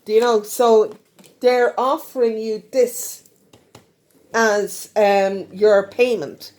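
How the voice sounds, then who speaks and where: A woman's voice: on the high side, steady tone, slow, a little mellow. A middle-aged Irish woman giving a casual tarot reading, repeating her advice and checking in with "okay?". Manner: repetitive, coaxing, frequent "okay?". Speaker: tarot reader.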